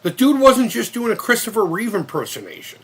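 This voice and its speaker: A man's voice: high-pitched, very animated, brisk, a little hiss or hum. A man of fifty hosting a casual live-stream chat, rambling and cursing with many restarts. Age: 50s. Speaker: channel host.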